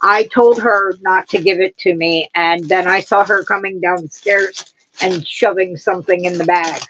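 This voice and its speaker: A woman hosting a casual livestream, chatting and gushing with excitement. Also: fairly low pitch, measured pace, dull audio, noisy background. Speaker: livestream host. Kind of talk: casual chat.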